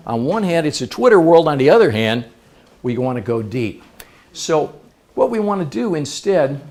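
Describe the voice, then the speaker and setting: A man's voice: fairly high pitch, vocal fry, darkish tone. A man speaking to a live seminar audience, playful and engaging, asking the crowd questions as he goes.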